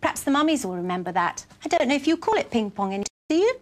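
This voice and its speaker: Lively sing-song woman presenting for children. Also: high-pitched, quick pace. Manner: bright, encouraging, sing-song teacher talk to small children; playful, gently coaxing.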